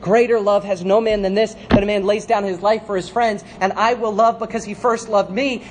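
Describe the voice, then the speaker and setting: A man with a high voice preaches a sermon as a pastor. He drops to a hush, then presses words out forcefully and slowly for emphasis. A faint hum of room ambience sits behind him. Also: steady tone. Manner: emphatic preaching, swinging between hushed and forceful.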